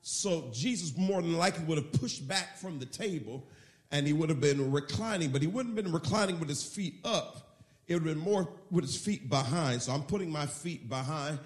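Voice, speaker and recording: A man's voice: fairly high pitch, reverberant. A man preaching a sermon as pastor, acting out the scene as he tells it. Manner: animated, acts out the scene in storytelling.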